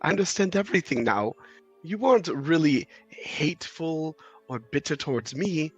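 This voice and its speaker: A man voices a kindly adventurer offering comfort in a soft, husky voice a little above the usual male pitch. Faint music plays underneath in a tabletop stream. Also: expressive, normal speed, muffled recording. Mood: consoling. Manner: soft, consoling. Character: gentle consoling male adventurer.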